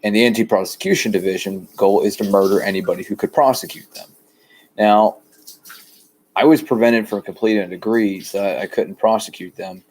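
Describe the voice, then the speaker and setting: A man from the rural United States, talking in a rambling, plain, deliberately low-key monologue outdoors by a shed. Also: a little mellow, a little hiss or hum. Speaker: vlogger.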